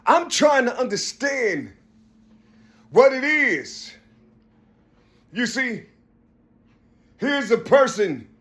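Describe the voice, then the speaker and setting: An adult man giving a rambling spiritual monologue, preachy and repetitive, often jumping between high and low voices. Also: a bit bright. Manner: preachy, repeats "you see".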